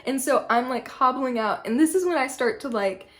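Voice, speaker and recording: A woman's voice: sits high, animated, moderate pace, a bit bright, soft background music. A young woman vlogger telling a personal story in a casual, chatty way, full of "like". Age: young adult. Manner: chatty, peppered with "like".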